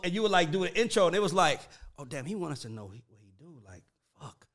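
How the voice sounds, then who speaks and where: A man in casual conversation, animated and profane, breaking into laughs as he talks. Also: high voice, brisk.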